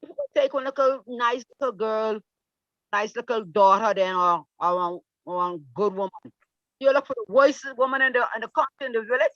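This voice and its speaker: A woman's voice: fairly high pitch, fairly quick, no room sound, dull audio. A woman speaking as a study group speaker, giving impassioned, emphatic religious talk full of repetitions.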